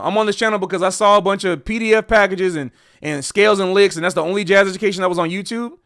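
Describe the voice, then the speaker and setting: Man, high-pitched voice, earnest rambling livestream talk. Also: fast, fairly bright tone, smooth. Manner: earnest, rambling, repeats himself. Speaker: streamer and jazz educator. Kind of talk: casual livestream monologue.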